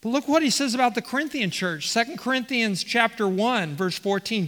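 A man's voice: extremely high pitch, expressive, brisk, hardly any pauses, fairly bright tone. A man preaching a verse-by-verse sermon as the pastor, reading passages aloud and often restarting his phrases. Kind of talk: expository sermon. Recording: reverberant hall.

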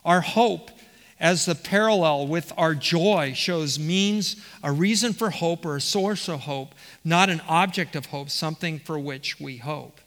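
This pastor's voice is fairly high and bright, and he speaks a bit slowly. Preaching an expository sermon verse by verse in an echoing hall, he reads the text aloud and keeps restarting phrases.

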